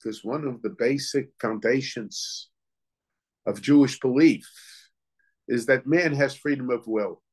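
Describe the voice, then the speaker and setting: A man's voice: mid-range voice, measured pace, pauses often, slightly rough. A man teaching as a rabbi in a Torah lecture. He reasons aloud, asks questions, and often halts to search for words and restart.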